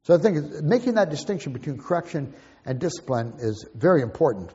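An older man gives a folksy, plain-spoken teaching talk in a husky voice. His words ring out with a long hall reverb. The recording sounds dull and lo-fi. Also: fairly high pitch, big pitch swings, fairly quick, dark tone. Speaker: Christian parenting teacher.

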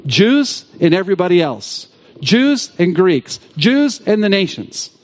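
A man preaching a sermon in a church, stressing key phrases by repeating them slowly. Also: high-pitched, big pitch swings, lo-fi sound. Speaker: pastor. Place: church sanctuary.

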